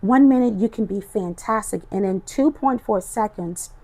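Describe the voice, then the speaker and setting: A middle-aged woman, a podcast guest, giving an emotional personal testimony in an expressive, animated storytelling manner. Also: medium pitch, moderate pace. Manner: expressive, animated storytelling, voices her past self.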